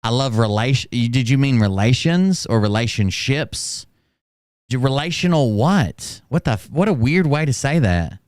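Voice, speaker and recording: A man's voice: medium pitch, expressive, moderate pace, few pauses, darkish tone, clear, resonant tone, dry recording, studio quality. Sarcastic male reaction host. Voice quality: sarcastic, mocking. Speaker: commentary host. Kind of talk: reaction commentary.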